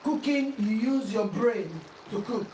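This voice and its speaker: A woman's voice: on the high side, measured pace, mellow, roomy sound, recorded from a distance, slight background noise, poor audio. A Sierra Leonean woman chatting casually while cooking at home, self-mocking and pleading with viewers for likes. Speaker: cooking vlogger. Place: home kitchen.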